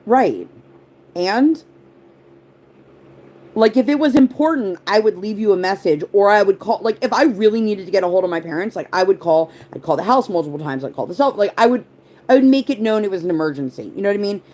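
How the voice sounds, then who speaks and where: A woman's voice: mid-range voice, expressive, fast talker, a little mellow. A woman of around forty chatting casually on a livestream, rambling through tangents, answering viewer comments and leaning on the word "like.". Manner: rambling, tangent-prone, heavy use of "like". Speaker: livestream host.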